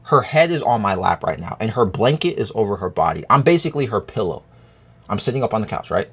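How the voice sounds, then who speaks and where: A man's voice: fairly low pitch, slightly rough. A man telling a personal story to his viewers in a rambling, casual way, checking in with them and using plenty of fillers. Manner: rambling, talks straight to viewers with many fillers and "right?" checks. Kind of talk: casual story-time monologue to camera.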